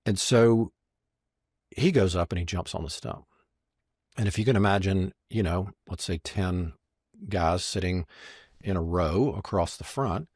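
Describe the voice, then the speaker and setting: A husky, low-pitched man, recorded dry at studio quality, is a guest on a podcast. As a magician and marketing strategist, he spins lively stories and acts out whatever lines he quotes.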